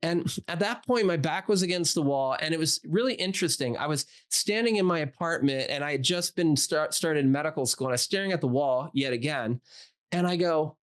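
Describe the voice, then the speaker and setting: A man in his forties, a doctor and interview guest, telling a personal story in a casual, animated way, acting out quoted dialogue with lots of "like" fillers. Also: a little high, brisk.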